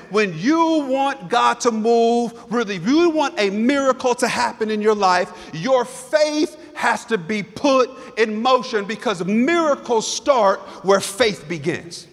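A man's voice: very high-pitched, expressive, a little slow, few pauses, a bit bright. A man preaching a sermon as a pastor, fervent and emphatic, repeating his key lines for effect. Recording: long hall reverb.

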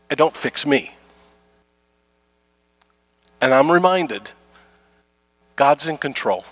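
Preaching conversationally to his congregation, this middle-aged pastor returns to his key phrases and dramatizes everyday grievances. He speaks in a mid-range, fairly bright voice, and the recording has no room sound.

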